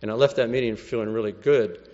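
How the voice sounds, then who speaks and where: A man's voice: mid-range voice, fairly even intonation, fast talker, darkish tone, big-room sound, dull audio. An American man giving a wry, conversational testimony, acting out the voices he quotes. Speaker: speaker giving a personal testimony. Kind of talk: storytelling testimony.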